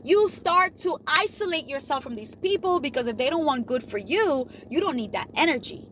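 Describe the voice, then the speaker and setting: A woman giving motivational advice in an animated way, often acting out what other people say. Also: normal speed, slight background noise. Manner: animated, acts out quoted dialogue with big pitch swings. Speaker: motivational vlogger.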